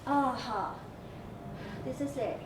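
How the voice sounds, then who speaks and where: High, lively woman teacher from afar. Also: slow pace, recorded from a distance. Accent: Hong Kong English. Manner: explains step by step, spells out letters, many fillers. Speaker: English teacher. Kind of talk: recorded class lesson on campus TV. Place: school room. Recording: echoey room, off-mic, faint hiss.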